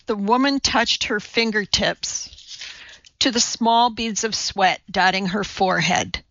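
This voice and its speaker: A woman narrates an audiobook with a measured, expressive delivery. Her voice is bright and crisp, and her pace is slow. The recording is dry and a little dull. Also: medium pitch, dry recording. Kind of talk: scripted narration.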